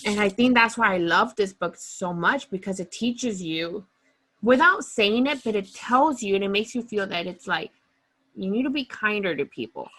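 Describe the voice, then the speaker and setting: A woman's voice: mid-range voice, normal speed. A woman co-hosting a podcast, chatting casually and emotionally about books that moved her. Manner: gushing, emotional, animated storytelling. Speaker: podcast co-host. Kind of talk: casual book chat.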